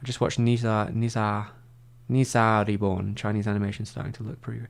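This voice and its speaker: A man's voice: lowish voice, flat delivery, a little fast, creaky. A man chatting casually on a livestream, rambling and saying "like" constantly. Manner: rambling, heavy use of "like".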